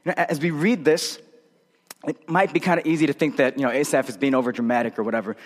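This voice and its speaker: A man's voice: mid-range voice, fairly even intonation, fast talker, long reverb tail. A male pastor preaching a sermon in a conversational way, often checking in with tag questions.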